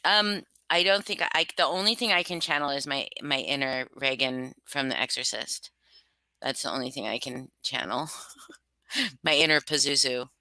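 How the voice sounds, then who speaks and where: A woman chats casually with her livestream viewers, rambling and self-conscious, full of fillers. Her voice is low but bright and forward. The tone is smooth and crisp. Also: normal speed, no echo. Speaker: livestream host reading stories.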